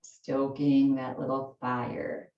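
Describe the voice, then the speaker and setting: A woman leading a gentle chair yoga class, giving soft, slow, soothing cues for breathing and stretching. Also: very deep voice, completely flat delivery, reverberant, far from the mic, muffled recording.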